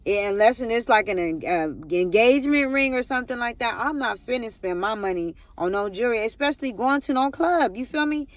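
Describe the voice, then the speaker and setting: A woman's voice: on the high side, lively intonation, fairly quick, few pauses, dry recording. Woman rambling through a personal testimony. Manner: rambling, repeats "I'm like", talks straight to viewers. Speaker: vlogger.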